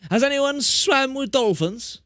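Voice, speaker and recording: A man's voice: very high-pitched, lively intonation, takes it slowly, fairly bright tone, no echo, clean studio sound. A young man chatting casually on a live stream, rambling and correcting himself as he tells animal stories. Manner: rambling, chatty, self-correcting, plays up tall tales.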